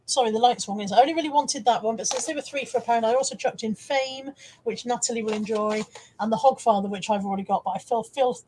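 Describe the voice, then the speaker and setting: A woman's voice: a little high, fast talker, darkish tone, slight background noise, low-quality recording. A middle-aged woman hosting a casual live stream from home. She chats and teases as she reads out viewers' comments and shows off the things she has bought to resell. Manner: chatty and teasing, reading out viewer comments. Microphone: camera on a wire, close by.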